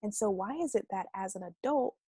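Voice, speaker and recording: A woman coaching a self-love class in a casual, animated way. She swears lightly and acts out quoted voices. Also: mid-range voice, brisk, slightly rough, dry recording. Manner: casual speech with mild swearing. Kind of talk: casual conversational teaching.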